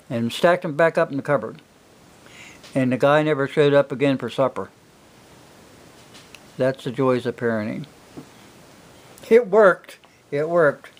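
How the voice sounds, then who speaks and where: An older man, a single father, telling rambling folksy stories in a casual way with many fillers. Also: on the high side. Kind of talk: casual storytelling.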